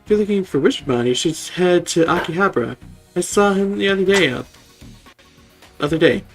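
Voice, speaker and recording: A man voicing a kind male healer Digimon, reading game dialogue aloud in a polite, hurried way. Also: sits high, lively intonation, soft background music, pitched above the performer's own voice. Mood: caring.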